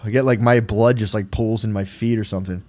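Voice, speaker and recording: A man's voice: fairly low pitch, steady tone, fast. A man in his thirties co-hosting a casual podcast, telling stories with lots of swearing and "dude". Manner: swearing storyteller, says "dude" constantly. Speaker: podcast co-host. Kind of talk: casual chat.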